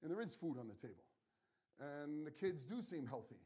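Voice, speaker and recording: A man's voice: a little high, sing-song, normal speed, mellow, husky. Earnest man preaching a sermon. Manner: earnest, personal and conversational, addresses the congregation directly.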